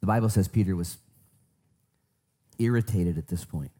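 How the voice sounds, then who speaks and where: A male pastor preaching and praying, fervent, swinging from hushed words to emphatic bursts. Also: low voice, normal speed. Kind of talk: sermon with prayer.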